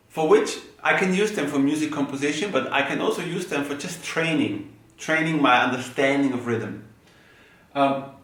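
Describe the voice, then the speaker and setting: A man's voice: on the high side, fairly bright tone. A man giving a rhythm lesson, patiently explaining step by step and chanting rhythm syllables in time. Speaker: rhythm teacher. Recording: very echoey room, mic far off.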